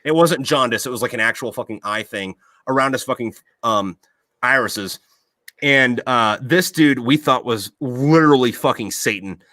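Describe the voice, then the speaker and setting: A male podcast host in casual chat, telling long, profane stories full of fillers. His voice is bright and forceful, with a medium pitch. The sound is dry and close. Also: moderate pace, no room sound. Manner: profane, rambling storyteller.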